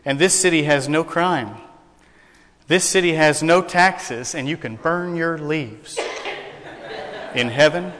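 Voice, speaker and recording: A man's voice: a little high, slow, long pauses, a bit bright, big-room sound. A man preaching a sermon to a congregation, folksy and joking, telling jokes as he goes. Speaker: pastor. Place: church sanctuary.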